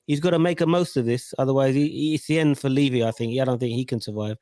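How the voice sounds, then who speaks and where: A man's voice: medium pitch, dark tone, dry recording. A man hosting a casual football podcast, reading comments and passing questions to guests. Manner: chatty, quick to pass questions around. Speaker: host reading viewer comments.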